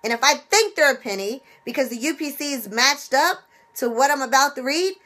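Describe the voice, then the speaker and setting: Animated woman, a bit high. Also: fairly quick. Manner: animated, acts out little scenes. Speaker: penny shopping video host. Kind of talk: casual instructional talk.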